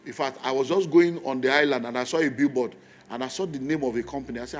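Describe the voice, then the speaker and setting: A man's voice: medium pitch, fast talker. A man preaching a sermon in a church, telling stories and repeating key phrases for emphasis.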